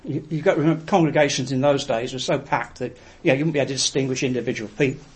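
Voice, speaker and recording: A man preaching a sermon, telling a story in an earnest, reflective way with frequent pauses. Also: medium pitch, slightly rough.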